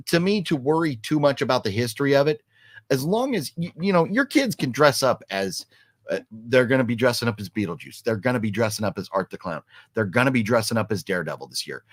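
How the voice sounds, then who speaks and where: A man's voice: mid-range voice, dry recording, clean studio sound. Rambling man chatting on a live stream. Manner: rambling, many fillers and restarts. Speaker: vlogger reading live chat. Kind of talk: casual live-stream chat.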